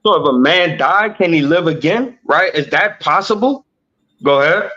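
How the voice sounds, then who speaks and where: A man leading a Bible study livestream, explaining slowly and checking in with "right?" after nearly every point. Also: fairly high pitch, expressive, bright, forceful tone, dull audio. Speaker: teacher.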